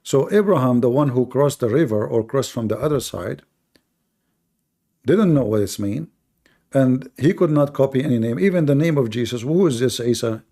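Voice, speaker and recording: A man's voice: medium pitch, lively intonation, moderate pace, mellow. A man hosting a live religious debate, emphatic and repetitive, with many hesitations. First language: Arabic. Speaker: debate host.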